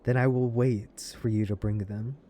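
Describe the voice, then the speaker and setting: A man reading as a booming street cook. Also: steady tone, moderate pace, dark tone, slight background noise, close to an everyday voice. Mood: friendly. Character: booming male street-food cook, wary and friendly. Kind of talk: reading a game character's lines aloud.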